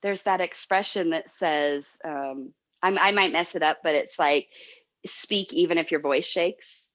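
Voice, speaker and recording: A woman's voice: low voice, measured pace, a bit bright, muffled recording. A woman guest speaking in a heartfelt, emotional way, often repeating herself as she explains. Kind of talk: heartfelt motivational talk.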